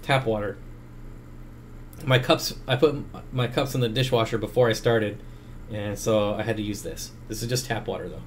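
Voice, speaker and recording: A man's voice: on the low side, brisk, a little hiss or hum. A man hosting a casual livestream Q&A from home, rambling with many fillers as he reads and answers chat at his computer through a desk microphone.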